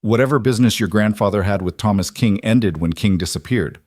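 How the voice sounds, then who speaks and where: A man voicing a seventy-two-year-old army veteran who speaks quietly and steadily under threat. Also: fairly low pitch, fairly quick, no room sound, clean studio sound, natural voice. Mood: steady. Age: 70s.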